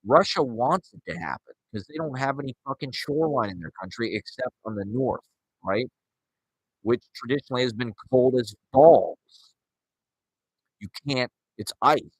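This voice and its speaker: A man's voice: mid-range voice, slightly rough, dry recording, poor audio. A man in his forties rambling and ranting sarcastically and profanely as he hosts his show solo. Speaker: podcast host. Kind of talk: solo casual rant.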